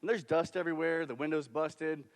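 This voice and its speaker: Young man, veteran, frank conversational storyteller, a bit high in pitch, big reverberant theater sound. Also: steady tone, brisk. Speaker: military veteran. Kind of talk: staged personal storytelling. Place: theater stage. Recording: long hall reverb from a stage.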